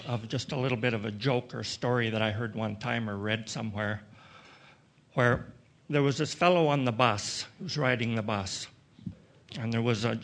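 Speaking at a recovery meeting, this Western Canadian man, middle-aged or older, tells his personal story to the people gathered. He's reflective and halting, frequently starting sentences over and slipping in some dry wit. His voice is typical in male pitch, with a fairly bright tone.

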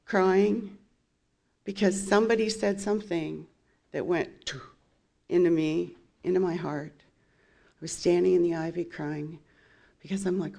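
A woman's voice: on the low side, vocal fry. A woman in her fifties sharing her recovery story as a candid personal testimony, with wry laughs along the way. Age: 50s.

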